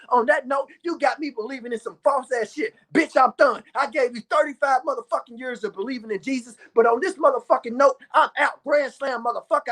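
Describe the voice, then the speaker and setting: A vlogger in his thirties, with a very high voice, launches into a loud, profane ranting monologue aimed at his viewers, breaking out into bursts of shouting.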